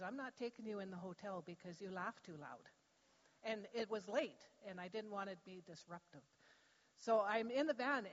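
A woman sharing a personal testimony in church, telling her story in an animated way and laughing easily. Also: medium pitch. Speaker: church member giving testimony. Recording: dull sound with long hall reverb.

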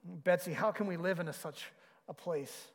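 A woman's voice: fairly low pitch, moderate pace. A man reading aloud the lines of a frightened, exasperated woman prisoner from a story, in a long reverberant hall. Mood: distressed.

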